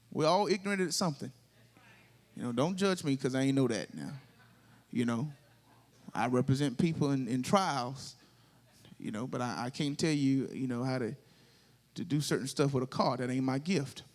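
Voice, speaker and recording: A male pastor with a Southern US accent preaching a sermon, drawing call-and-response from the congregation and building to sung, rising climaxes. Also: on the high side.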